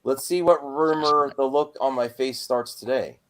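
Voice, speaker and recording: A man's voice: medium pitch, moderate pace, slight background noise. A man hosting a casual livestream show, reading out news and laughing along. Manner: lively, laughs, reads out news. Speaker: show host.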